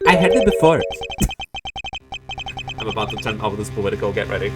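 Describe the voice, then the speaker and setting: A man's voice: fairly low pitch, huge pitch swings, measured pace, long pauses. A man streaming a game, making campy jokes and giggling as he chats. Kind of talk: casual game commentary. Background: game music.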